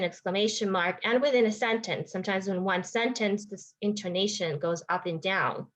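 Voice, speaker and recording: A woman's voice: medium pitch, poor audio. Woman talking through speech therapy tips. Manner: thinking aloud with frequent restarts and fillers. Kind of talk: informal teaching talk to parents.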